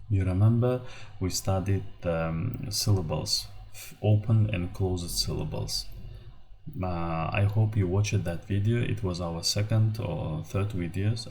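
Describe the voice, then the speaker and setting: Slow, deep-voiced male language teacher. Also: dark tone. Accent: Turkmen. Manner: slow, careful, repeats example words. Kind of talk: recorded video lesson.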